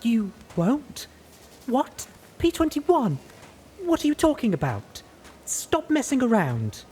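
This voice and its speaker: A man voicing an emotional young female pegasus who pleads and shouts in a shrill voice. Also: wildly swooping pitch, takes it slowly, slight background noise, full character voice. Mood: disbelieving.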